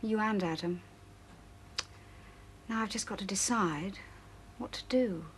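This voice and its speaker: A woman's voice: mid-range voice, a little slow, heavy background noise, natural voice. An actress playing a worried woman defending her family business, anxious and pleading in a television soap. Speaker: motel co-owner. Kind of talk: 1980s television soap acting.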